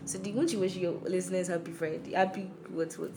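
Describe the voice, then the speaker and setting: A woman's voice: lowish voice, steady tone, fast talker, background noise. A young woman, co-hosting a casual podcast chat in a teasing, laughing way. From Ghana. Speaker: podcast co-host.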